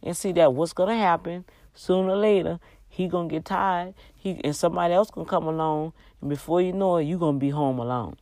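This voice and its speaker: A tired woman hosting a livestream, giving a faith talk with slow, emphatic, exhorting repeats. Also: lowish voice, a little mellow, no echo. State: tired, yawning. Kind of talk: preachy casual livestream talk.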